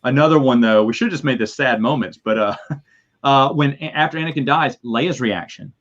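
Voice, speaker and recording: A man in casual podcast chat, telling the story animatedly and acting out his reactions with sudden high yelps. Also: a little fast. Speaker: podcast co-host. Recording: slightly dull, lo-fi sound.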